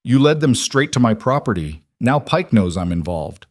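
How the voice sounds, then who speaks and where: A man's voice: medium pitch, big pitch swings, moderate pace, dry recording. A man voicing Wade, a hard, protective frontier rancher father who talks curtly in an audiobook story. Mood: stern. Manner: curt and stern.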